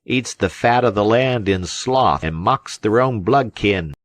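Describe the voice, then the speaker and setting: A man voicing a fat, tubby little old fisherman in an audiobook, snappish and grumbling in a slow drawl. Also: fairly low pitch, lively intonation, no echo, voice pushed up. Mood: aggrieved.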